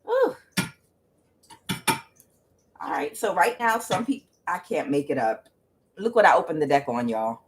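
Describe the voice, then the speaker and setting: A woman's voice: deep voice, big pitch swings, normal speed, a little hiss or hum. Emphatic woman giving a tarot reading. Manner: emphatic, exclaiming, talks straight to viewers. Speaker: tarot reader. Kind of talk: casual tarot reading to camera.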